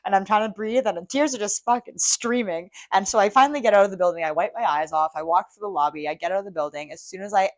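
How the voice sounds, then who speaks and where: Talking fast with hardly any pauses, a young woman co-hosting a podcast tells candid, emotional personal stories and swears often. The chat is casual, her voice medium-pitched, and there's no room sound.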